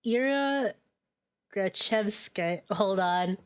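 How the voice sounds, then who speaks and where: A woman's voice: medium pitch, extremely slow, smooth. A woman streaming a narrative game, reading its text aloud and reacting with chatty commentary, laughing often and swearing casually.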